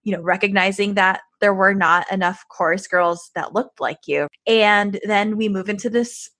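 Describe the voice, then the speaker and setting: A woman's voice: medium pitch, moderate pace, fairly bright tone, dry recording, clean studio sound. A woman hosting a podcast, asking reflective questions about her guest's experiences. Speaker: podcast host. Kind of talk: interview questions.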